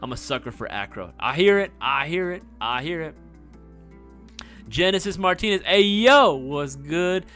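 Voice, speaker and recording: A man's voice: fairly high pitch, lively intonation, unhurried, sharp tone, faint music behind. Hyped casual male livestream host. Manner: hyped, chatty, reads chat aloud and swears casually.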